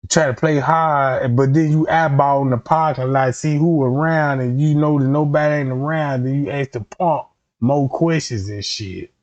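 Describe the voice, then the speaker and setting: A man's voice: mid-range voice, normal speed, a little mellow. A man in a casual comedic rant, profane and rambling, jumping into quoted voices, on a dull lo-fi recording.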